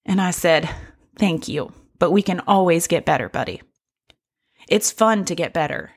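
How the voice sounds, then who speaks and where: A woman's voice: fairly low pitch, animated, moderate pace, slightly rough. A woman in her thirties hosting a motivational podcast, talking straight to the listener in an upbeat, encouraging way. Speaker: podcast host.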